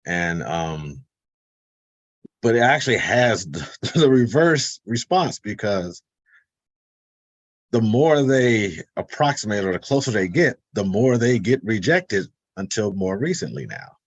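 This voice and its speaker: A man speaking as a webinar panelist over a video call, explaining in a relaxed, conversational way with many fillers and telling stories with voiced-out quotes. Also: fairly low pitch, measured pace, husky, no echo, highs cut off. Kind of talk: informal explanatory talk.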